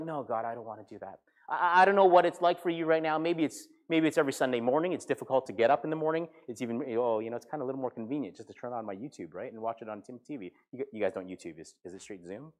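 A man, a pastor, preaching a sermon with animated storytelling and acted-out voices. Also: a little high. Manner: animated storytelling, acting out characters.

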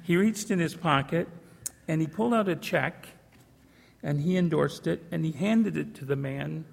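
A man's voice: on the high side, normal speed, vocal fry, in a large hall. A man preaching a sermon, telling a folksy story with frequent restarts, in a church. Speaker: pastor.

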